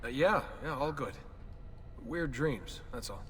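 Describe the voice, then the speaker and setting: An actor playing a puzzled young man in a video game who wakes from vivid dreams, low-key and bewildered. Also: expressive, slow pace, a little hiss or hum. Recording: distant game audio under loud music.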